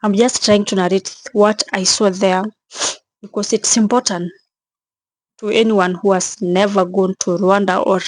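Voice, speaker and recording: A young woman narrates a vlog, tearful and shaken, her words halting and circling back on themselves. She talks at a slow, heavy pace, with a pitch in the middle of the range. The sound is dry and close, with no room around it. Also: steady tone, dry recording. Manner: halting, repeating phrases, audibly shaken. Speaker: travel vlogger.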